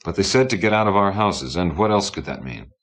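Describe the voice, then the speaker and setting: A man's voice: sits low, lively intonation, brisk, fairly bright tone. Man doing Ricky Vixen, a sour faded starlet. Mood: haughty. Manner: haughty, bossy, worldly. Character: sour, scornful fading female entertainment star.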